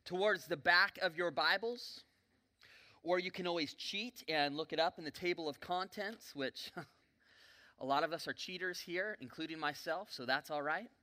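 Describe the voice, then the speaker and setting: A man preaching a sermon in a church, telling a story vividly with joking asides and sudden swings between loud and soft. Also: fairly high pitch, moderate pace. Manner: folksy, joking asides to the congregation. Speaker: pastor. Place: church sanctuary.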